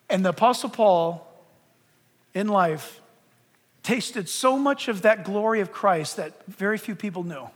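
Preacher, male, high bright voice, dramatic delivery from shouts to hushes, echoing church hall. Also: lively intonation, a little slow, long pauses. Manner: dramatic preaching, swings between shouts and near-whispers. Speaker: pastor. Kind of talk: sermon.

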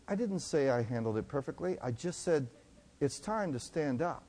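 A middle-aged man preaching a sermon, telling stories and swinging from loud to hushed. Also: a little high, lively intonation, fast talker. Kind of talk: sermon storytelling.

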